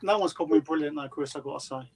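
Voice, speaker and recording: A man's voice: fairly high pitch, racing, a crowd in the background. English man with dry teasing. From England. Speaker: chat participant. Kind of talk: casual group chat.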